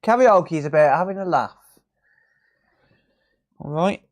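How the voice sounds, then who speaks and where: A man's voice: medium pitch, expressive, moderate pace, darkish tone. A man chatting cheekily with viewers on a live repair stream. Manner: cheeky banter, jokey and a bit sweary. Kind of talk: casual live-stream chat.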